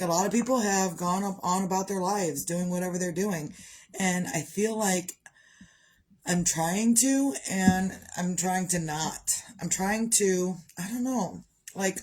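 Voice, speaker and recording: A middle-aged woman with a low, darkish voice talks through her grief in a personal vlog about her crochet projects. The audio quality is poor. A grieving mother and crocheter, she speaks in a rambling, heartfelt way.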